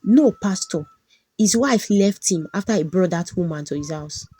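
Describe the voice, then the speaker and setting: A woman voicing a calm, reassuring male friend in a folktale. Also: high voice, moderate pace, slightly rough.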